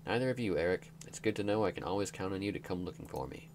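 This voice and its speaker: A man reading the lines of a calm, fond young woman in a game, in his own deep voice. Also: quick pace, a little hiss or hum. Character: young woman who loves the night sky.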